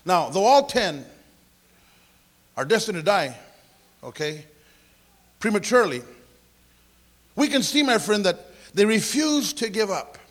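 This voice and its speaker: Leading a prayer and unpacking scripture, this high-voiced pastor speaks a little slowly and pauses often, adding lively conversational asides and clearing his throat frequently.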